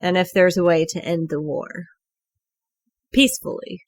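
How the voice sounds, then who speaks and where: A woman playing her character in a tabletop game, speaking in an earnest, halting way. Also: lowish voice, steady tone, a little hiss or hum. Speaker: player. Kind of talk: in-character tabletop role-play.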